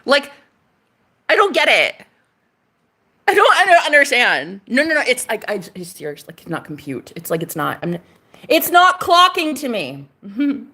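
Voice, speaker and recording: A woman vlogger ranting to camera in a sassy, profane style, mocking her critics and breaking into laughter. Her voice is bright and fairly high, and her pitch swings widely as she talks. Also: huge pitch swings, normal speed, husky.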